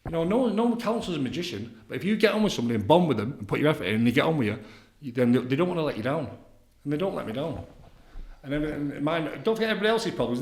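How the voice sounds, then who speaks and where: Fast-talking blunt man, roomy sound. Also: fairly high pitch. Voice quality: blunt, repetitive, leans on tag questions. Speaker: addiction counsellor guest. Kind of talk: casual podcast interview. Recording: roomy echoey room.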